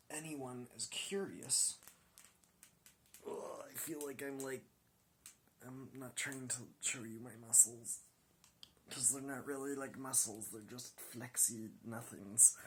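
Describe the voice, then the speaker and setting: A man's voice: medium pitch, slow pace, pauses often, a bit bright, a little hiss or hum. A man chatting into his phone at home late at night while he stretches, joking and mocking himself, and trailing off mid-thought. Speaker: vlogger reviewing a show. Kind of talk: rambling casual chat while stretching.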